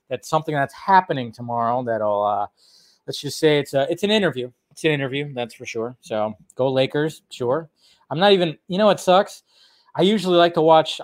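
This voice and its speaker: A man hosting a casual film news livestream, reading out viewers' chat questions and answering them in a loose, rambling way with free swearing. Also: a little high. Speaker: film news channel host.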